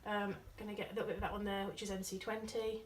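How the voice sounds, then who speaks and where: This makeup artist has a mid-range, fairly flat voice and speaks fast, walking through a look in a loose, playful way as she works. She's chatty and giggles in asides, recorded on a slightly distant mic that picks up faint noise.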